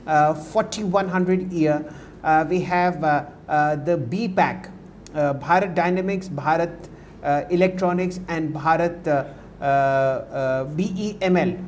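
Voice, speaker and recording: A man with an Indian English accent hosting a live stock market show, talking with many drawn-out fillers. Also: a little high, darkish tone, slight background noise.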